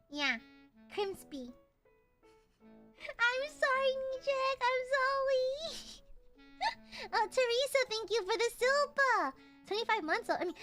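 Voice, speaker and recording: A woman's voice: very high-pitched, a bit bright. A young woman streaming and chatting casually with her viewers, giggling often and playfully whining. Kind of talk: casual livestream chat.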